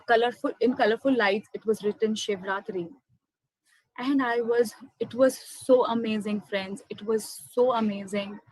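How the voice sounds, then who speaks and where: A woman's voice: on the high side, no room sound, low-quality recording. A woman, emotionally telling a personal spiritual testimony and often calling her listeners friends. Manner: heartfelt, keeps addressing listeners as friends. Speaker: speaker sharing a spiritual testimony.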